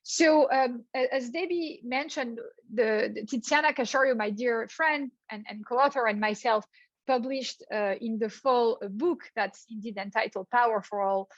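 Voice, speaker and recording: A woman's voice: a little high, moderate pace, dry recording, muffled recording. A middle-aged woman with a French accent giving an online workshop lecture, earnest, often repeating small words as she starts a thought. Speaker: guest speaker, professor.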